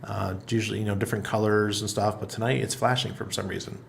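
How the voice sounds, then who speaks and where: A man's voice: on the low side, little pitch movement, fast, gravelly, slight background noise. A middle-aged man hosting a casual livestream, reading viewer comments aloud in a loose, chatty way and laughing often. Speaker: livestream host. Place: apartment in Panama.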